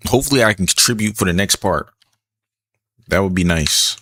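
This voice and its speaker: A man with a very low voice talks through his game stream in an easy, rambling way. He chats with viewers as he plays. The sound is close and dry, with keyboard clicks and typing behind him. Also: animated, fairly quick, a bit bright, dry recording. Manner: laid-back, chatty, reads chat aloud. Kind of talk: casual gameplay commentary.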